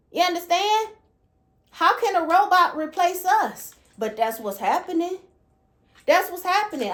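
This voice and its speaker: A woman with a somewhat high voice talks her way through a spiritual card reading. She is emphatic and keeps checking in with the listener after nearly every point, in a loose, casual way. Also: fairly bright tone. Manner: emphatic, keeps adding "okay?" and "all right?". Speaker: channel host, card reader.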